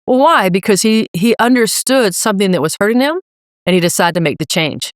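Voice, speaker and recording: A middle-aged woman, a leadership coach, talking in an emphatic, energetic motivational way as a podcast guest. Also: mid-range voice, brisk, dry recording, clean studio sound. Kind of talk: podcast interview.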